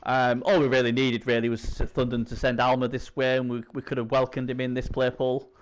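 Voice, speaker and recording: A man's voice: mid-range voice, monotone, fairly quick. A man hosting a casual gaming preview chat, his voice strained by a sore throat, rambling with lots of fillers. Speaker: host.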